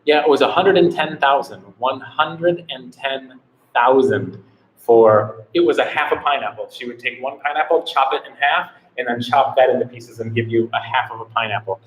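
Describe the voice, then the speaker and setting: A man's voice: medium pitch, moderate pace, low-quality recording. Rambling man hosting a live travel Q&A. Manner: rambling, heavy on "like" fillers. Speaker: travel vlogger host. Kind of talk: casual live Q&A chat.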